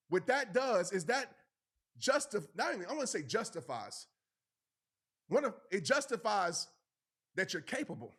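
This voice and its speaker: A man with a fairly high voice delivers a motivational speech. He speaks earnestly and emphatically, hammering home repeated phrases and urging the listener directly. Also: fairly bright tone.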